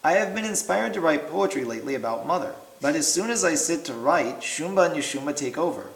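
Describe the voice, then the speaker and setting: Respectful male caller, a bit high, echoey room. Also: animated, brisk, vocal fry. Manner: earnest and respectful. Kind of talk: asking a question.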